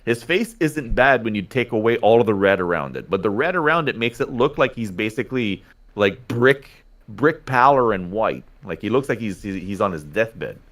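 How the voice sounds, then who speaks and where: A man's voice: lowish voice, lively intonation, normal speed, fairly bright tone. A man co-hosting a casual livestream, explaining things in an opinionated way and often checking in with "right?". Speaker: livestream co-host.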